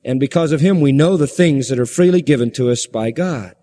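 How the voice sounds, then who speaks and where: A man preaching a sermon with emphasis, firing rhetorical questions and shifting his pace from slow to quick. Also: medium pitch, mellow, in a large hall.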